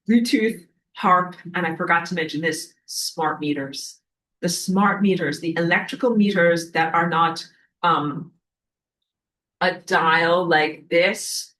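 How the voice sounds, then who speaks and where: A woman's voice: fairly low pitch, fairly bright tone, low-quality recording. A woman giving a preachy spiritual lecture to a class, in an emphatic, scolding manner that sometimes turns to swearing. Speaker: spiritual teacher.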